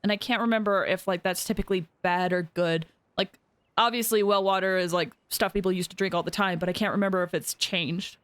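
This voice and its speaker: A woman's voice: medium pitch, fairly even intonation, a little fast, fairly bright tone, clean tone, no room sound. A young woman streaming a video game, chatting casually and rambling with lots of fillers. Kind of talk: casual live-stream chat.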